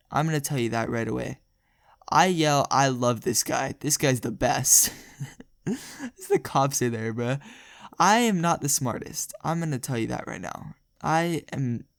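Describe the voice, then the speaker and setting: Young male vlogger, gravelly voice, dry close sound, rambling storytime delivery. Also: medium pitch, animated, unhurried, pauses often, no echo. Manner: rambling, jokey, laughs often. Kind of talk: casual storytelling.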